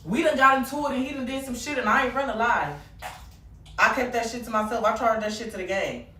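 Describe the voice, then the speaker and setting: A woman's voice: a little high, fast talker, sharp tone, reverberant. A woman hosting a livestream, venting in a blunt, heated, profane way. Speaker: livestream host.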